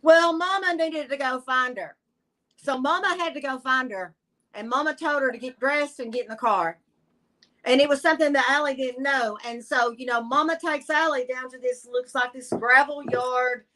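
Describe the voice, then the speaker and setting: A woman's voice: high-pitched, normal speed, bright, forceful tone, rough recording. A woman from Tennessee with a Southern accent, a guest reader telling a story in a folksy, blunt and sassy way. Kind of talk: live-stream storytelling.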